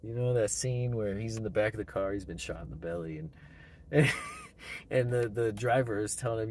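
A man's voice: medium pitch, normal speed, a little mellow, a little hiss or hum. A man in his thirties, a vlogger giving himself a reflective, reassuring pep talk, chuckling often. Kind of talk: personal self-pep talk.

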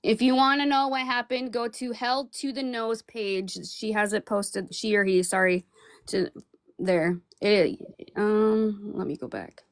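A woman hosting a casual livestream, briskly directing her co-host and the viewers. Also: mid-range voice. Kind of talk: casual live-stream chat.

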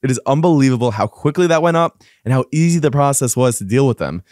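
A man's voice: mid-range voice, animated, quick pace, a little mellow. Male podcast host, chatty, teasing, rambling questions. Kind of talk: podcast interview.

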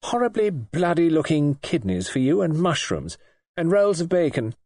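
A man's voice: fairly high pitch, wildly swooping pitch, normal speed, darkish tone, dry recording, studio quality, voice pushed up, heavily acted. A man reading an audiobook and voicing a petulant, spoiled young wife in a coaxing, sulky, lightly raised voice. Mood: petulant, dreamy.

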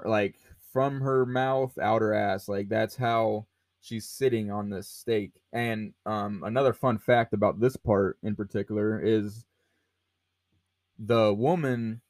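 On a dry recording, a man whose voice is on the low side and a little mellow discusses a film as a podcast host. His talk is casual and meandering, peppered with fillers and many restarts.

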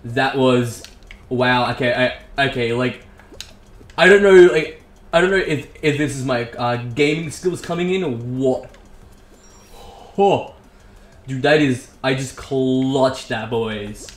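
Gamer man, unhurried, excitable and sweary; echoey room, faint hiss. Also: medium pitch. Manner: excitable, swears and laughs, talks to himself. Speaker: gaming YouTuber. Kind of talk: casual gameplay commentary.

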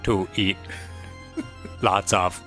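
A man voicing a dopey, low-voiced dimwit who blurts out silly confessions in a goofy, deliberately dim-sounding way. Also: level tone, music in the background.

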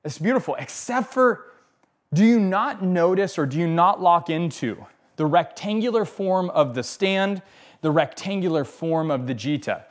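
A man's voice: sits high, lively intonation, moderate pace. A man teaching bonsai display as he works, talking casually and repeating phrases, often checking in with "okay?" and "right?". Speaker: bonsai instructor. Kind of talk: hands-on demonstration talk.

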